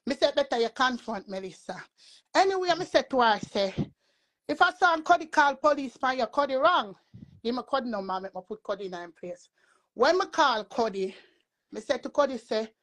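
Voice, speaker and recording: A woman's voice: a little high, fairly bright tone. A woman with a Jamaican patois accent, telling a long rambling story in a casual live chat. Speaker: storyteller guest.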